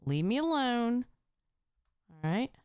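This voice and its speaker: A woman's voice: fairly high pitch, very animated, takes it slowly, darkish tone, clean tone, no echo. A woman live-streaming, reacting to clips and reading chat in blunt, profane, teasing banter.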